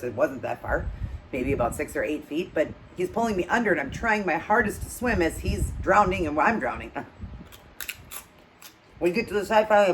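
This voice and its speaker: A woman hosting her own channel, telling a story in a loose, chatty way, getting louder and higher at tense moments and dropping to low murmurs between them. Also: slight background noise, poor audio. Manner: animated retelling with acted quotes, trailing off into low murmurs. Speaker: channel host. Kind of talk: casual storytelling while eating.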